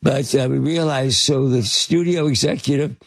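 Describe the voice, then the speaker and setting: A man's voice: steady tone, normal speed, gravelly, dry recording. An older man telling a rambling anecdote as an interview guest, hesitant and full of fillers and restarts. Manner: acts out quotes with sudden pitch jumps. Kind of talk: anecdotal storytelling.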